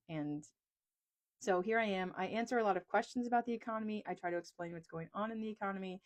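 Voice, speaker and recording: With a mid-range voice and a quick pace, an East Texas economist talks frankly and chattily to camera, making fun of herself. The video creator records in a small closet on a lapel mic clipped to a pencil.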